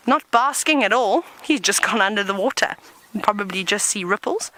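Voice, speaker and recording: Woman guide chatting on a live bush walk outside, bright tone, explains everything, whispers sometimes. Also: mid-range voice, low-quality recording. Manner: chatty, explains as she walks, often drops to a whisper. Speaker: safari guide. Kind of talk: live nature broadcast on foot. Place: outdoors in the bush.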